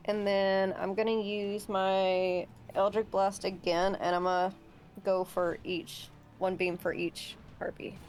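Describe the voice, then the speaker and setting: A woman's voice: medium pitch, little pitch movement, slow pace, darkish tone, faint music behind. Woman player checking rules aloud. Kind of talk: casual tabletop game play.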